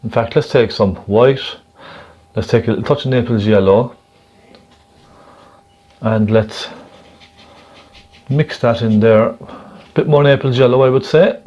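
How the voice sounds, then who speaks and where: A man gently demonstrating a painting technique step by step, chatting and checking in with the viewer as he works. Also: medium pitch, measured pace, long pauses, muffled recording. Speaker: painting instructor.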